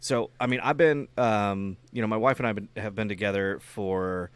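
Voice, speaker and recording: A man's voice: on the low side, moderate pace, clear, resonant tone, no echo. A man in casual chat, teasing and wry, then laid-back while telling his own story.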